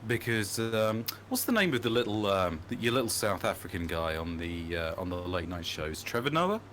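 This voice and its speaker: A British man chatting casually during a game stream, telling animated stories and breaking into accent impressions. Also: low-pitched, moderate pace, a little hiss or hum. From Britain. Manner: animated storyteller who slips into accent impressions. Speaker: podcast co-host.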